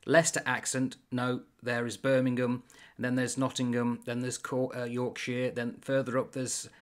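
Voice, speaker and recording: An older man from the UK, co-hosting a casual chat in a reflective way, often trailing off quietly at the end of a phrase. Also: mid-range voice, monotone, moderate pace. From United Kingdom. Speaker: podcast co-host. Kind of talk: casual conversation.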